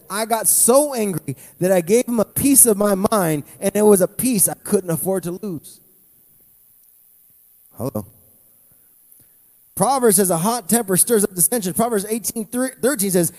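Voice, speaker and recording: A man preaching a sermon, animated, with playful asides to the congregation. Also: sits high, big-room sound. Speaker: pastor.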